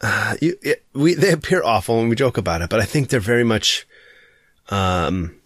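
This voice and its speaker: A man's voice: fairly low pitch, normal speed, fairly bright tone, no room sound, studio quality. Chatty man searching for words. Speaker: podcast co-host. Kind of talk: casual chat.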